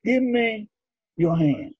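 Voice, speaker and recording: A male preacher giving a sermon in a rhythmic, drawn-out style, calling for responses from his congregation. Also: high-pitched, very animated, husky, no room sound. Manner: rhythmic, drawn-out phrasing, leads the congregation in repeating lines. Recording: dull lo-fi recording.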